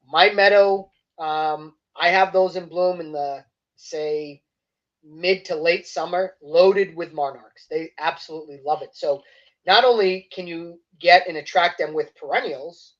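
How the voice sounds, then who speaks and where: A man answering gardening questions as a guest expert on a livestream, enthusiastic and explanatory, his sentences often trailing off softly. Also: fairly high pitch, measured pace, lo-fi sound. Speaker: seed company guest expert. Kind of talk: casual livestream interview answers.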